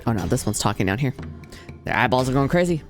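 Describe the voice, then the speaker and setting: A playful streamer talks through a horror game in a mid-pitched voice, reading the on-screen text aloud. The banter is jokey and bursts into loud shouting now and then. Faint game music plays underneath. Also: sing-song, fast talker.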